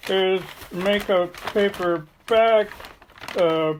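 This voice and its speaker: Woman host, slow playful ramble to camera, mid-pitched, faint hiss behind. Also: lively intonation, darkish tone. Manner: rambling and playful, with many ums and uhs. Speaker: online video host. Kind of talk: casual chat to camera.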